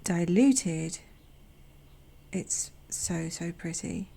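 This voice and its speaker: A woman hosting a watercolor channel, chatting gently as she paints swatches, sometimes dropping to a soft near-whisper and making self-deprecating asides. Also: on the low side, extremely slow, gravelly, slight background noise. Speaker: watercolor artist and channel host. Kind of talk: casual narration while painting swatches.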